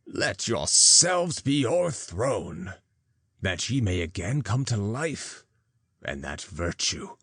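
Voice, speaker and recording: Deep slow male audiobook narrator. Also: fairly bright tone, no echo. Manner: slow, deliberate, archaic. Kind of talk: scripted narration.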